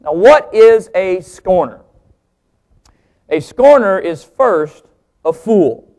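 The sermon comes from a man who jokes with his congregation and keeps his energy up. His pitch swings to underline points, and he slows and stresses important words while teaching.

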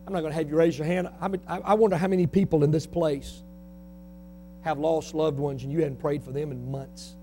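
A male preacher, delivering a fiery sermon that swings between shouting and quiet talk. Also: a little high, fairly even intonation, brisk, a little hiss or hum.

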